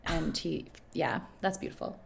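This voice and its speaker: A woman's voice: deep voice, moderate pace, creaky, slight background noise. A woman co-hosting a podcast in casual chat, agreeing often and laughing easily. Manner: agreeable, laughs often, frequent "yeah" backchannels. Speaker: podcast co-host.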